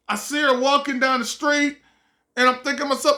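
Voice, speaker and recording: A man casually telling a personal story to camera, animated and full of quoted back-and-forth dialogue. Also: very high-pitched, normal speed. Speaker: vlogger.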